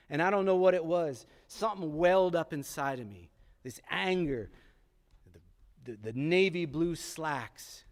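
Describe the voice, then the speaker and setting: A man telling a personal story live on stage, with dramatic pauses and repeated lines for emphasis. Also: a little high. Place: historic theatre stage. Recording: long theatre hall reverb.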